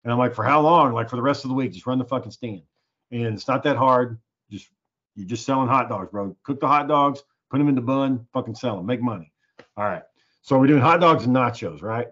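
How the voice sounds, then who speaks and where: A husky man in casual storytelling mode, mid-pitched and loose. He swears freely and slips into the voices of everyone in his tale. The recording is muffled and lo-fi. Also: a little fast. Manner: profane, animated, acts out quoted voices. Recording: dull lo-fi recording.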